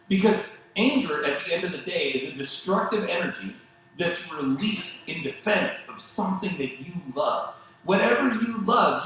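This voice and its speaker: A middle-aged man preaching a sermon in a conversational, animated way, with asides and acted-out quotes, at a church stage mic. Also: a little high, slight background noise. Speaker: pastor. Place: church auditorium. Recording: very echoey church hall.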